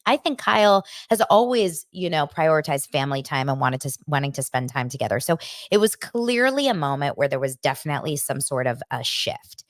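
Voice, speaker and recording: A woman hosting a podcast, chatting in a gossipy, animated way as she recaps a reality show. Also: sits low, dry recording, studio quality. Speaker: podcast host.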